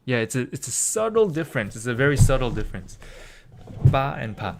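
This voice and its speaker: A man's voice: mid-range voice, sing-song, fast, background noise. A man tutoring Korean in a casual, patient way, often saying "like" and drilling single syllables over and over. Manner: patient, drills syllables by repeating them, many "like" fillers.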